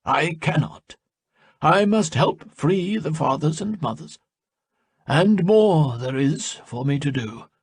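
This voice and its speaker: A man voicing a stern, withered old wise man in an audiobook, speaking slowly and solemnly. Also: fairly high pitch, animated, breathy edge, no echo, studio quality, voice pushed up, heavily acted. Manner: slow, solemn and deliberate.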